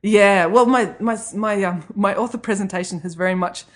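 A woman's voice: medium pitch, moderate pace. A woman, a children's author and comedy writer, chatting in an interview and laughing often. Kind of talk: interview conversation.

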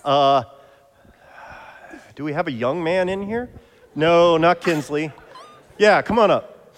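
A playful male pastor with a fairly high voice, bantering and coaxing helpers up front. His words ring out in a church with a long, lingering reverb. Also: takes it slowly. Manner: playful, jokey, coaxing volunteers. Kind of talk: interactive sermon. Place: church sanctuary.

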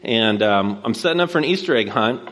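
A man preaching a sermon from a stage, telling a neighborhood story in a relaxed conversational way and then posing rhetorical questions. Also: medium pitch, fairly quick. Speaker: pastor. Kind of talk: sermon with personal anecdote.

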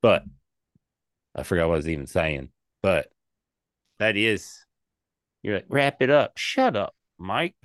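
A man's voice: sits low, measured pace, long pauses, dry recording, studio quality. A man co-hosting a podcast, rambling and swearing in casual chat about comedy shows. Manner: rambling, animated, swears a lot.

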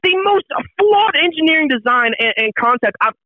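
A man's voice: very high-pitched, sing-song, a little fast, no room sound, narrow, tinny audio. A man co-hosting a casual golf podcast, ranting in disbelief with plenty of exasperation. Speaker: podcast co-host. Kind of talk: casual chat.

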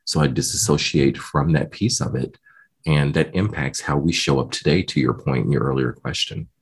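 Very deep, husky man telling his story. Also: moderate pace. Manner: animated retelling, voicing others in quotes. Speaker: guest. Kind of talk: personal storytelling in an interview.

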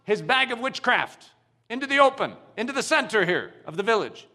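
A fearless villager , put on by a preacher, speaks in firm, emphatic bursts. The voice is pitched high and bright, and it swings widely. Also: male voice, very animated, brisk, full character voice. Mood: commanding. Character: calm, unafraid male villager, firm.

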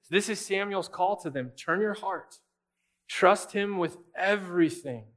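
Man, pastor, preaching a sermon, conversational, rhetorical questions, slightly high voice. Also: fairly bright tone.

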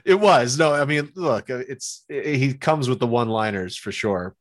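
A man co-hosting a casual movie review podcast, animated and laughing often. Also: mid-range voice, moderate pace. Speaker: podcast co-host.

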